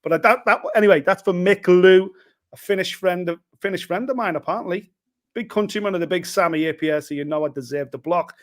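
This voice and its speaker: A man's voice: sits high, brisk. A man with a Scouse accent co-hosting a live show, trading jokey, teasing banter. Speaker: co-host. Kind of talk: casual live show chat.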